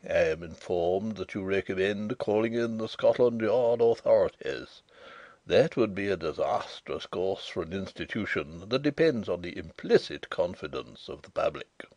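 A man voicing a frail old gentleman, low hushed confiding voice, dry close sound. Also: lively intonation, normal speed, dry recording. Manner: soft, whispering, confiding. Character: frail white-haired old male company director.

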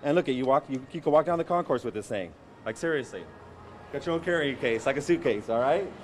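A man's voice: medium pitch, expressive, fast talker, slight background noise. A man working as a stadium concessions chef, speaking eagerly and plainly in an on-location TV interview.

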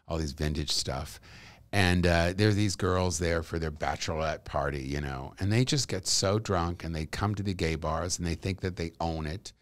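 Middle-aged guy with a really low voice, chatty and animated, dry close mic. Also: moderate pace, no room sound. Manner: animated storyteller, laughs while talking. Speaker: guest, actor and comedian. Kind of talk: casual podcast chat.

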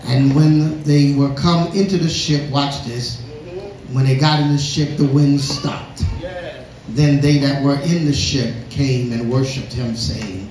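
A man's voice: a little high, a little slow, a little mellow. Echoey preaching man. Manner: reads scripture then preaches, repeating synonyms; call-and-response with the congregation. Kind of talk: sermon. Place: church sanctuary. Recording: echoey church hall.

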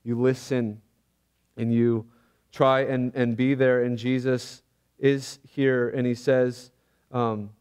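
A pastor preaching a sermon, earnest and reflective, often pausing and halting as he speaks. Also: medium pitch, level tone, a little mellow, smooth. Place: church.

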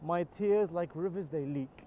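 A man's voice: a little high, a little slow, narrow, tinny audio, a little hiss or hum. A man giving an impassioned religious poem recitation at a live outdoor event, his voice swelling on the big lines. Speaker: poetry reciter.

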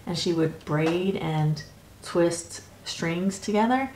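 A woman's voice: lowish voice, takes it slowly, a little mellow, echoey room, slight background noise, rough recording. A middle-aged American woman hosting a casual chat, explaining words patiently in an easygoing way. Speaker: host.

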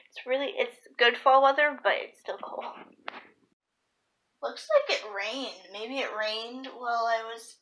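A woman's voice: fairly high pitch, pushed and bright, poor audio. A woman vlogging casually from her home kitchen, rambling and correcting herself as she talks. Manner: chatty, rambling, self-correcting. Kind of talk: casual vlog narration.

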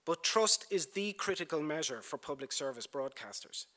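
A man delivers a formal prepared speech at a lecture podium. His voice is bright and forward, set a little higher than most men's. He moves at a measured pace through rhetorical lists, repeating key phrases for emphasis. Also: expressive. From Ireland. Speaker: broadcasting executive giving a lecture. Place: university lecture theatre.

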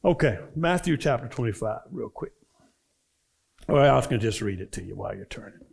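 A male minister preaching to a church congregation in a conversational style, quizzing his listeners with call-and-response questions and building from relaxed storytelling to fervent preaching. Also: mid-range voice, fairly quick, vocal fry, breathy edge. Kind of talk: conversational sermon. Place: church service before a congregation.

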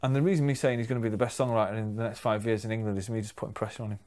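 A man's voice: fairly low pitch, steady tone, rapid-fire, very noisy. Sardonic man with dry teasing. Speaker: band member and songwriter. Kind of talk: casual interview chat.

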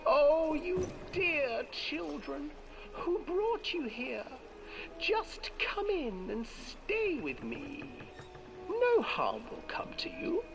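A cruel old witch croons in a shrill, wavering voice, swooping high and drawing out her words. A man acts her out for a storybook scene in a game. Music plays underneath. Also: huge pitch swings, extremely slow, gravelly, heavily acted. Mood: coaxing. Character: cruel cackling old witch, greedy and coaxing.

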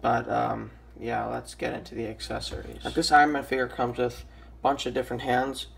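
Young man, gravelly raspy voice, hesitant casual toy review, faint background hiss. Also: medium pitch, flat delivery, moderate pace. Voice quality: raspy, just woke up. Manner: hesitant, many ums and restarts.

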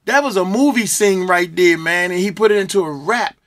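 A man hosting a reaction show, giving casual commentary full of drawn-out exclamations and folksy slang. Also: high-pitched, a bit bright.

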